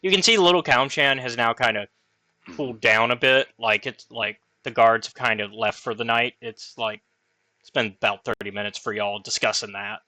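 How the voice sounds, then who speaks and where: A man's voice: mid-range voice, moderate pace, bright, forceful tone, no room sound. A man casually narrating as game master, laughing easily with his players.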